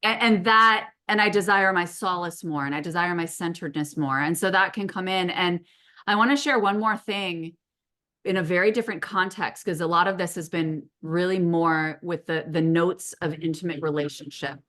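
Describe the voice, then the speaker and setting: A middle-aged woman hosts a relaxed podcast conversation. Her voice is bright and forward. She tells stories with animation and swears casually. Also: fairly low pitch, normal speed. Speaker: podcast host.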